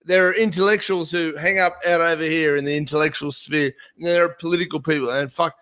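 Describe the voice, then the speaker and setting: A man's voice: on the high side, steady tone, fast, pushed and bright, clear, resonant tone. An Australian man from a small country town, ranting profanely in a casual political chat. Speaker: podcast host.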